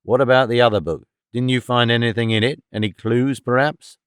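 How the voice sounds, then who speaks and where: A man voicing an impatient police inspector who presses with brisk questions. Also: mid-range voice, fairly even intonation, clear, resonant tone, no room sound, studio quality, lightly acted.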